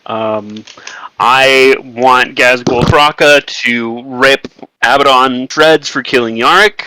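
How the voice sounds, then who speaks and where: A man's voice: mid-range voice, fairly even intonation, takes it slowly, bright, forceful tone, no room sound, rough recording. A man speaking as a guest on a podcast, chatting casually and swearing when worked up. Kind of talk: casual chat.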